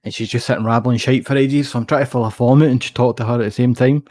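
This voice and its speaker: A young man with a Scottish accent tells a story at a rapid clip. He rambles and swears freely in relaxed podcast chat. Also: mid-range voice. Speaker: podcast co-host. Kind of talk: casual chat.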